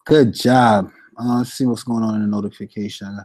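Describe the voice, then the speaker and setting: A young man streaming fantasy sports picks in casual chat, slangy and animated, reading out chat shout-outs. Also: fairly low pitch, normal speed, no room sound.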